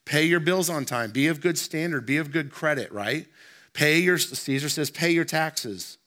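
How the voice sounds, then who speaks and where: A man preaching a sermon as pastor, emphatic and full of rhetorical questions to the congregation, slowing down when he reads scripture aloud. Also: a little high, sharp tone. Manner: slows down to read scripture aloud.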